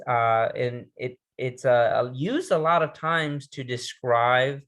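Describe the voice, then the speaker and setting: A man at a middle pitch giving a recorded resilience training lesson. He speaks in a loose, conversational way, stumbling over and restarting words, and keeps turning questions back to the listener. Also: a bit bright. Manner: conversational, restarts words, reads poetry slowly and dramatically.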